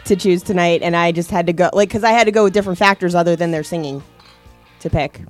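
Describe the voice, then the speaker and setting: A podcast co-host with a mid-pitched voice chats casually, laughing easily and chiming in with short remarks. Faint music plays underneath. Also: quick pace. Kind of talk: casual chat on a live podcast.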